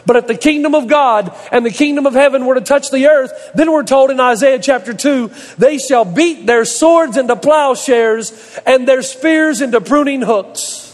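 A man's voice: very high voice, moderate pace, in a large hall. A man preaching a sermon as a pastor, delivering emphatic points and long repeated lists.

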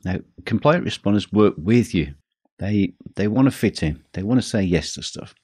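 A man speaks in a low, slightly husky voice as he hosts a podcast about teaching. His delivery is measured, easing the pace for emphasis. The sound is dry and close, with no room echo. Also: expressive, darkish tone. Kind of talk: scripted podcast talk.

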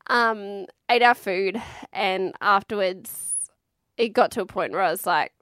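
Woman in her thirties, casual candid storytelling, swears a lot, mid-pitched voice, dry close sound. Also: a little slow, fairly bright tone, no room sound. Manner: frank, chatty, swears freely, lots of fillers. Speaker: mother telling her birth story.

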